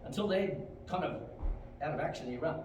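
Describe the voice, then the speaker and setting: A middle-aged man with an Australian accent teaching a martial arts class, explaining techniques and barking sharp commands and kiai shouts. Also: a little high, animated, fairly quick. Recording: very echoey hall, distant mic, faint room noise.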